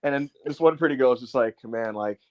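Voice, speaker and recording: A man co-hosting a casual podcast, telling animated stories and laughing often. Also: medium pitch, quick pace, highs cut off. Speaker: podcast co-host.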